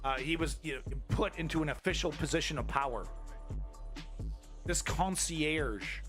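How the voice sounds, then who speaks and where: A man's voice: on the high side, lively intonation, normal speed, a bit bright, soft background music. A man hosting a live news stream, ranting about politics to his chat in a heated, profane, rambling way with many restarts. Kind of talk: angry political commentary to chat.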